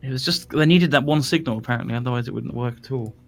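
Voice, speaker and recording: A man playing a multiplayer game with friends, excitably shouting at his trains and laughing. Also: mid-range voice, quick pace, soft background music. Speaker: host. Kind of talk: casual multiplayer gaming chat.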